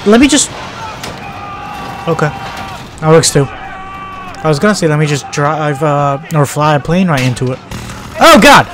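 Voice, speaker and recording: A man giving live commentary as he plays a shooter game, swinging between shouting at enemies and muttering to himself. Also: a little high, unhurried, pauses often, slight background noise. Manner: excitable, yelps and shouts at enemies, then mutters. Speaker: gaming channel host.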